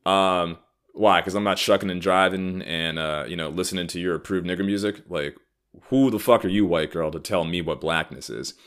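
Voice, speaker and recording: A man in his thirties with a very low voice and a forceful, tense edge, hosting a solo podcast. He rants bluntly and profanely, getting heated and animated as he goes. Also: moderate pace. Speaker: podcast host. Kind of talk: solo ranting podcast talk.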